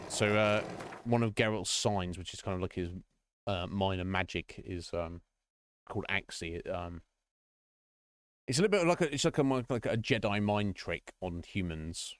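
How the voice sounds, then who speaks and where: A man streaming a game, chatting casually in a rambling, halting way and often laughing. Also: low voice, lively intonation, smooth, dry recording, clean studio sound.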